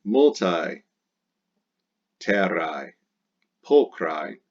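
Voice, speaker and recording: A man with a very low voice explains a language exercise in a patient, step-by-step way, going back over the key words again and again. The sound is dull and lo-fi, like a simple home recording. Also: big pitch swings, very slow. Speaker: Latin teacher.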